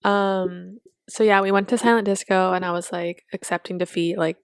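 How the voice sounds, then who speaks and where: A young woman co-hosting a podcast, telling animated stories in casual chat and laughing often. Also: medium pitch, normal speed, gravelly, clear, resonant tone, dry recording, studio quality. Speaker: podcast co-host.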